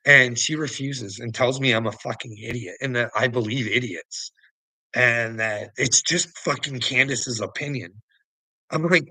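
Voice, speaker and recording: A man with a gravelly, husky voice delivers a rambling, profanity-laden monologue straight to camera. His tone is tense and forceful, and the recording is dry and close. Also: mid-range voice, normal speed, no room sound. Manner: swears constantly, rambling and preachy. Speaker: vlogger.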